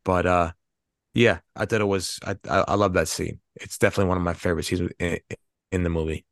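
A man with a very low, gravelly voice, chatting loosely as a podcast co-host. He rambles through his thoughts and swears casually. The sound is dry and close. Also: fairly even intonation, fast, dry recording. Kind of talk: casual movie-review chat.

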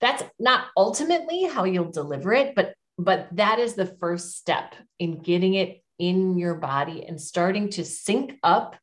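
This middle-aged woman, a guest on an interview, offers public speaking tips in an upbeat, emphatic coaching manner. Her voice sits on the low side.

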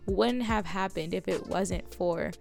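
A woman co-hosting a casual podcast, effusive and drawn-out in her praise and thanks. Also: on the low side, creaky, darkish tone, soft background music. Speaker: podcast co-host.

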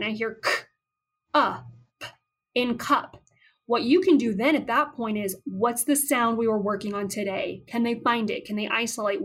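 Higher-voiced woman teaching therapy steps. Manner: explains step by step, acting out therapy prompts. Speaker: speech-language pathologist. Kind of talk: podcast teaching talk.

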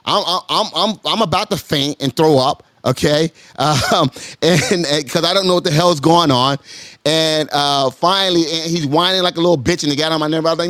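A man at a podcast mic tells a long, animated story to his friends. He keeps repeating words, "hold up, hold up", and his pitch jumps way up whenever he plays the people in it. The sound is close and dry, with no room around him. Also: a little fast, dry recording. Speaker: podcast guest telling a story.

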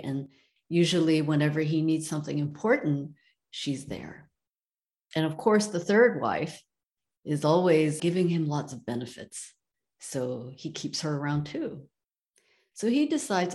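Woman storyteller, low voice, very slow and conversational. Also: big pitch swings, a little mellow. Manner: unhurried, conversational. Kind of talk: telling a parable.

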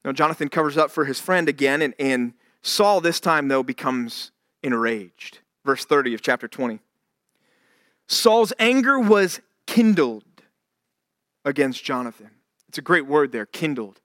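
A man's voice: fairly high pitch, animated, a little slow, a bit bright, no echo, clean studio sound. A man as pastor, preaching a sermon in a conversational, joking way, acting out the scripture characters' lines. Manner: conversational, jokey retelling of scripture with voiced asides.

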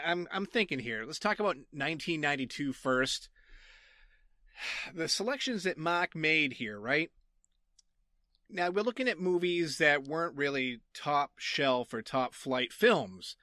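A man's voice: a little high, bright, forceful tone, no echo, clean studio sound. A man with a Massachusetts accent judging a retro game show, joking and exclaiming in casual podcast banter. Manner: jokey, playful exclamations.

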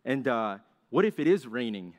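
A young man preaches in a relaxed, conversational way and keeps asking his listeners questions. Now and then he slips into quick complaining voices to act out everyday moments. His voice sits at a middle pitch. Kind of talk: sermon.

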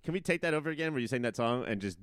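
A man's voice: mid-range voice, animated, rapid-fire, a bit bright, dry recording. A man co-hosting a podcast in casual chat, sarcastic and swearing. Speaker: podcast co-host.

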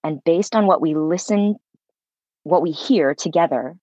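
A woman's voice: low-pitched, unhurried, dry recording, dull audio. A woman voice coach speaking earnestly and reflectively in an interview, with a spiritual bent. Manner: earnest, spiritual, expressive, laughs fully. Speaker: voice coach, guest.

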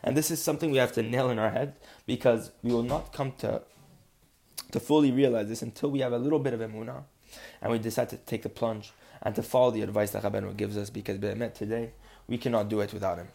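Man, gravelly voice, medium pitch, earnest podcast teaching, emphatic. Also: steady tone, quick pace, warm tone. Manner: earnest, rising to emphatic insistence. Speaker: Torah teacher. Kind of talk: podcast Torah lesson.

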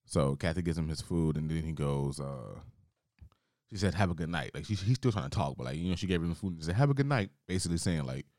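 A man's voice: a bass voice, fast, mellow, no room sound, clean studio sound. A man co-hosting a podcast, telling a work story in a laid-back, rambling way with plenty of swearing. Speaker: podcast co-host. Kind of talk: casual storytelling.

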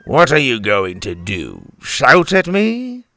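Cocky pirate captain, a man voicing him; slow, sneering, gravelly, swings up and down. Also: medium pitch, wildly swooping pitch, pushed and bright, no room sound, pitched above the performer's own voice, full character voice. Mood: menacing. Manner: playful, mocking, theatrical.

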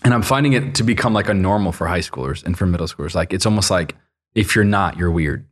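A male podcast host with a fairly low voice leads a relaxed conversation. He sounds upbeat and friendly, and he fills his questions with casual "like"s. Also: quick pace.

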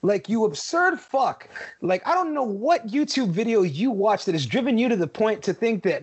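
Husky, animated male podcast co-host. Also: sits high, moderate pace. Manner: profane, emphatic, ranting. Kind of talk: casual chat.

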